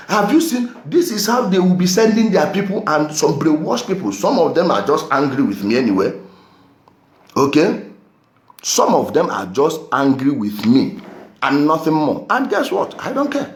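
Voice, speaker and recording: A man's voice: a little high, very animated, measured pace. A Nigerian man delivering a heated vlog rant, firing off repeated rhetorical questions. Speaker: vlogger. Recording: roomy echo.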